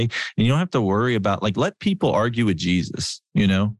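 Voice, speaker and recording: A middle-aged man preaching in an earnest, conversational way, leaning on stories and hammering key words through repetition. His voice sits low. The sound is dry and close, with almost no room around it. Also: animated, brisk, few pauses, no room sound. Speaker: Christian speaker.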